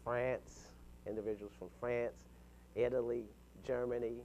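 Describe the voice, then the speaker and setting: A man in his fifties giving an animated, punchy motivational talk to a mastermind group, chuckling between points. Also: medium pitch, unhurried, lo-fi sound, a little hiss or hum. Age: 50s.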